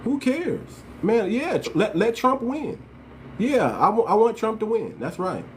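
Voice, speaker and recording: An American man hosts his channel, delivering impassioned political commentary straight to viewers in slangy, emphatic language and repeating his points. His voice is high and very animated yet unhurried, with slight background noise.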